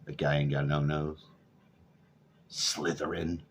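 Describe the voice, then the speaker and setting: A man's voice: a bass voice, little pitch movement, takes it slowly, a little hiss or hum. A man over forty, ranting profanely and sarcastically in a rambling vlog. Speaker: vlogger. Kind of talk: profane political rant. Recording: dull lo-fi audio.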